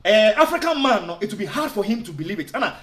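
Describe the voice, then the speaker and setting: Ghanaian guy arguing on a vlog, high voice, mixes twi and english, echoey room. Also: sing-song, fast talker, fairly bright tone. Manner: argumentative, mixes Twi and English, rhetorical questions. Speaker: online commentator. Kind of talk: video commentary.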